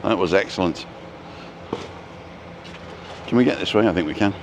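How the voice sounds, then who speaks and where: A man's voice: low-pitched, normal speed. A middle-aged man from North Manchester, chatting casually and joking through rambling memories while walking. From North Manchester, England. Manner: jokey, rambling reminiscences. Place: outdoors on a town street. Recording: faint outdoor street noise.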